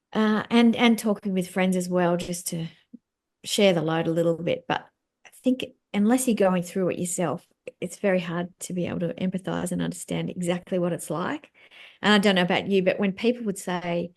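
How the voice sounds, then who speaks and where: Frank, reflective woman guest. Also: on the low side. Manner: reflective and frank, with soft laughs and many fillers. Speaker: author and guest. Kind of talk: candid conversational interview.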